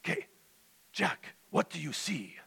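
A jolly old Santa Claus speaks in a heavy Russian accent, grand and theatrical, as a man puts him on mid-sermon. The voice sits noticeably higher than the speaker's own, with booming emphasis on each proud phrase. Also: very animated, unhurried, creaky, pushed and bright, slightly rough, exaggerated voice. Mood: wondering. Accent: Russian, put on. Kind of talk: sermon anecdote.

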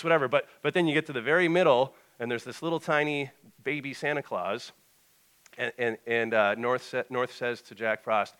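A man's voice: medium pitch, normal speed, a bit bright, smooth. A young male pastor preaching a conversational sermon, reading a short passage and then telling anecdotes.

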